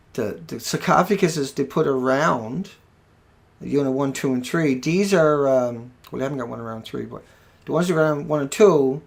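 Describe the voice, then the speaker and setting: A man's voice: medium pitch, gravelly. A man hosting an online show, delivering an agitated, rambling monologue that jumps between points and hits words hard.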